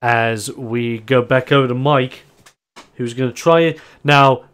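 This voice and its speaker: A man's voice: mid-range voice, measured pace, clear, resonant tone. A man, running a tabletop role-playing game as game master, narrating the action with lots of energy and frequent laughter. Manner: animated narration, laughs often.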